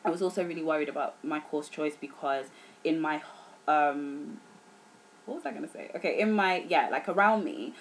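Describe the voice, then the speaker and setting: Young woman, low voice, earnest casual vlog chat, lots of ums. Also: moderate pace, rough recording. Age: young adult. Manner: earnest, serious, animated retellings with filler words. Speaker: vlogger.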